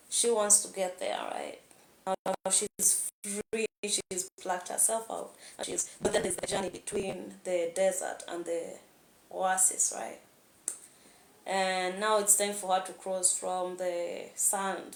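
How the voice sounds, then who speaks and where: In an echoey room, a young female vlogger talks candidly and at length, laughing frequently, her medium-pitched voice marked by vocal fry.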